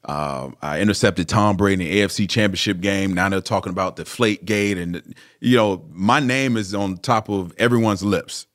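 Low-voiced man telling a story animatedly. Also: moderate pace. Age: 30s or older. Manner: animated, frequent fillers and restarts. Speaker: interview guest, former pro football player. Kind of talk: casual storytelling.

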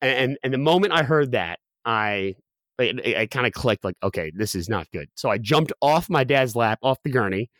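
A man in his thirties, a podcast guest, telling a personal story quickly with many restarts and fillers. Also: medium pitch, lively intonation, fairly bright tone, no echo. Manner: rapid, with frequent restarts and fillers.

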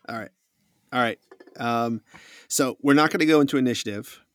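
Guy game-mastering a tabletop game, halting, dry close mic. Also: mid-range voice, no room sound. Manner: hesitant, many fillers and restarts.

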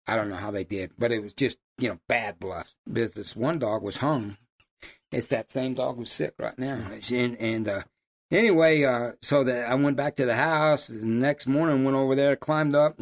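An older man, telling hunting stories in a folksy, animated way. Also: mid-range voice. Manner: folksy, animated storyteller who laughs at his own stories. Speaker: lion hunting guide. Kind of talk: casual storytelling.

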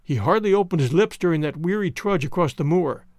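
A man reading a story aloud in an expressive, dramatic way. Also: a little high, fairly quick, no echo, studio quality. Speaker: narrator.

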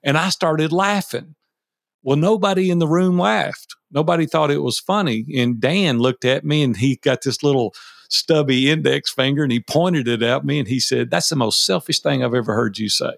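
A man in his fifties, a guest telling personal stories in a folksy, animated way, acting out past conversations. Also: a little high, moderate pace, creaky, no room sound, studio quality. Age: 50s. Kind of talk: interview storytelling.

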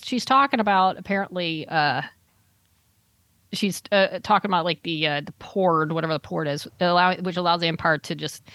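A woman's voice: lowish voice, a bit bright, no echo. A woman hosting a casual podcast chat, recapping an episode in a rambling way with many fillers and restarts.

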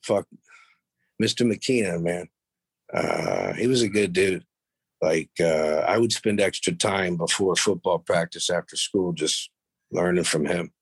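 Gravelly and husky, this middle-aged podcast guest speaks low at a measured pace in a dry recording. His casual stories from the past are blunt and profane, and he turns animated when quoting others.

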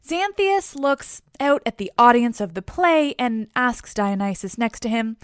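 A woman's voice: on the high side, lively intonation, a little slow, few pauses, clear, resonant tone, no echo, clean studio sound. A woman retelling a story in a chatty, casual way with wry asides.

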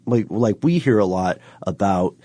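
Man, podcast co-host, low pitch, teasing, animated, dry recording. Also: normal speed, dry recording. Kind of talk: casual chat.

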